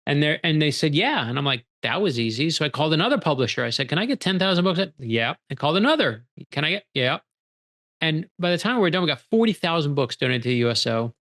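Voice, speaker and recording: A middle-aged man with a gravelly, slightly creaky voice, talking in an interview. He recounts his stories with energy, acting out the lines of the people in them as he goes. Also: fairly high pitch, fast. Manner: animated storyteller acting out quoted dialogue. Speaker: author guest. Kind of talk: storytelling interview conversation.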